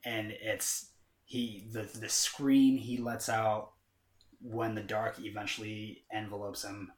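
A man chatting casually with a lowish voice, rambling through his story with plenty of fillers and easy swearing. He sounds like he is in a roomy, echoey space. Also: little pitch movement, takes it slowly. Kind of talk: casual chat. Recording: roomy echo.

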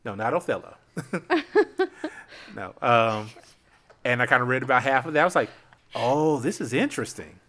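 A man's voice: medium pitch, moderate pace, long pauses, pushed and bright. A man chatting casually on a podcast, playful and laughing often as he tells stories. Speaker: podcast guest. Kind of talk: casual chat.

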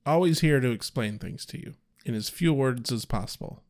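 A man's voice: medium pitch, normal speed, darkish tone. A man co-hosting a casual recap chat, dry and explanatory, swearing casually. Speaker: podcast co-host.

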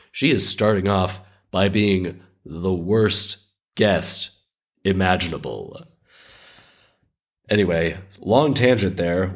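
A man's voice: fairly low pitch, fairly bright tone. A man reading a fairy tale aloud and breaking off into sarcastic, joking tangents, while recovering from an illness. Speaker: storyteller and podcast host.

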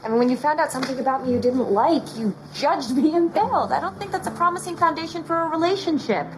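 A woman's voice: high voice, quick pace, lightly acted, rough recording. An actress playing a guarded young woman firmly rebuking a date in a film scene. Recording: film clip with music behind.

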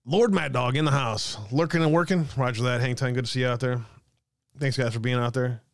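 A man's voice: mid-range voice, fairly even intonation, fairly quick, no echo, studio quality. A man hosting a live stream, chatting casually, reading out viewer messages and laughing often. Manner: chatty, reads chat aloud, laughs often.

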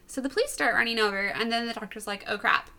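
A podcast co-host chats casually and recounts a story with giggles and quick asides. Her voice is bright and fairly high with a gravelly edge. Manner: giggly, animated, rambling. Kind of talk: casual chat, retelling a comic.

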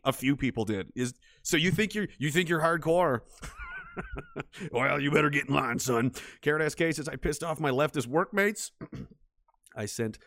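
A man's voice: medium pitch, a bit bright, no room sound, clean studio sound. A man from Western Canada, hosting a livestream and reading viewer messages in a crude, profane, joking way. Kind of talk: casual livestream chat.

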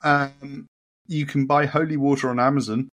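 A man's voice: mid-range voice, steady tone, moderate pace, a bit bright. A man, a winemaker co-hosting a wine podcast, talking in easygoing, rambling casual banter. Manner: easygoing, rambling, many ums.

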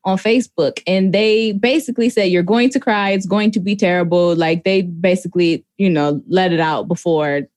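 A woman, co-hosting a casual chat, telling stories with lively energy and frequent laughter. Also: on the low side, normal speed, hardly any pauses, dry recording. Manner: animated storytelling, laughs often.

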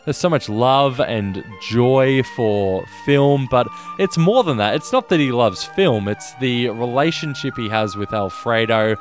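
A man co-hosting a podcast, talking about a film in an earnest, halting way with many restarts. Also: mid-range voice, expressive, faint music behind. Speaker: podcast co-host. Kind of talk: casual film discussion.

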